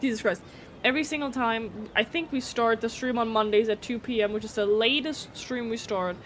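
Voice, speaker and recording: A chatty woman livestreams a video game, talking casually to her viewers in a somewhat higher, slightly bright voice. She is brisk and blunt, swearing casually, and a little hiss or hum is audible.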